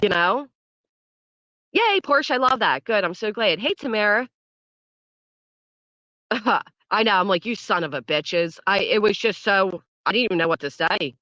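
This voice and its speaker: A woman's voice: medium pitch, animated, a little slow, pauses often, sharp tone, no echo, lo-fi sound. A woman hosting a casual livestream from home, chatting with her viewers and reacting to the chat in a blunt, foul-mouthed way, laughing often. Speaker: livestream host. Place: at home, early morning.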